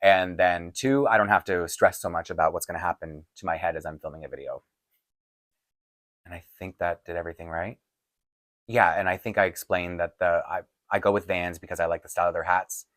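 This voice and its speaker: A man's voice: sits low, fairly even intonation, a little fast, fairly bright tone, no echo. A man hosting a casual question-and-answer video, chatty and rambling, laughing often, with a voice getting tired. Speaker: doll collecting channel host. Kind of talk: casual Q&A chat to camera. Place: home filming set-up.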